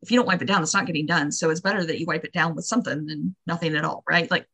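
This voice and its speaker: A woman's voice: sits low, steady tone, racing, gravelly, sharp tone, slightly rough. A woman as a podcast guest, chatting in a casual, earnest and encouraging way. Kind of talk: casual chat.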